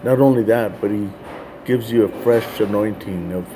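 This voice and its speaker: A man's voice: on the low side, moderate pace, noisy background. A man telling a personal faith testimony in a casual way, often tagging sentences with "man". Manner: casual, ends phrases with "man". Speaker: Christian storyteller.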